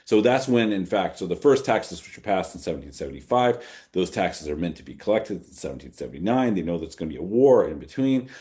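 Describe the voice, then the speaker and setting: A man, an author, answering audience questions in a relaxed fireside-chat conversation, thinking aloud and repeating phrases for emphasis. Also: sits low, a little fast.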